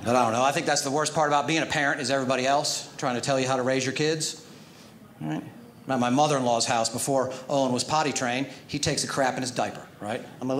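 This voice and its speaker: A man doing a stand-up comedy set on stage, animated and acting out the voices of his son and others. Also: mid-range voice, fast. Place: theater stage before a live audience. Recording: echoey stage, audience noise.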